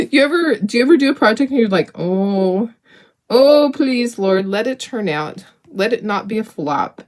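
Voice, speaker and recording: Woman, middle-aged, chatty craft host, upbeat, talks to herself while working. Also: mid-range voice. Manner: chatty, self-talking while working, frequent little laughs; upbeat, enthusiastic. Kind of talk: casual craft demonstration.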